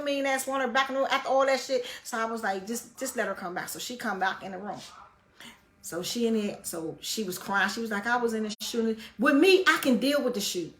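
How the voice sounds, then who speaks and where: A woman vlogger telling a story in a blunt, profane, casual way, her loudness swinging up and down with the tale. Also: on the high side.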